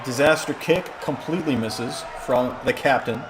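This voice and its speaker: A man's voice: medium pitch, moderate pace, crowd noise, background noise. A man commentating a wrestling video game on a live stream, rambling and joking through the play-by-play. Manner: rambling, jokey, excitable play-by-play.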